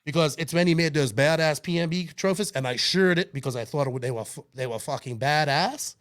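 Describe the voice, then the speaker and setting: A man co-hosting a podcast, talking in an animated, defensive way, with frequent swearing and restarts. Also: a little high, brisk. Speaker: podcast co-host. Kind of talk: heated casual podcast chat.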